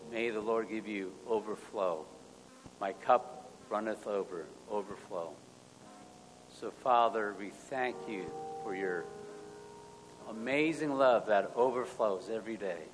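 A male pastor leading an earnest spoken prayer, moving between hushed and loud passages. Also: lowish voice. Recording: long hall reverb, soft music.

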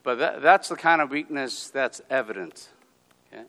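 A man preaching a sermon in an animated way, acting out quotes and swinging between quiet asides and loud, emphatic lines. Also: medium pitch, normal speed, long reverb tail. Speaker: pastor.

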